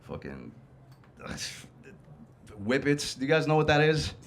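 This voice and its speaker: Man, stand-up host, lively swooping pitch, loose profane delivery, club stage mic. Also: measured pace, creaky, a little hiss or hum. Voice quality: casual, profane, laid-back delivery. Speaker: comedy show host. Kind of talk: stand-up comedy set. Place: comedy club stage with audience.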